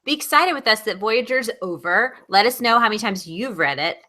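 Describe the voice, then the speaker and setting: A woman's voice: a little high, animated, brisk, pushed and bright. A woman with a Southern US accent co-hosting a casual live chat over a video call, chatty and laughing often. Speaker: co-host.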